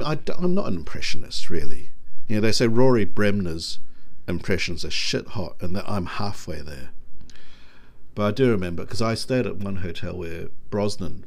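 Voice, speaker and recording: A New man talks in a loose, rambling monologue, often restarting and poking fun at himself. His voice is very low and gravelly with plenty of fry. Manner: rambling, self-deprecating, frequent restarts. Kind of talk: casual monologue.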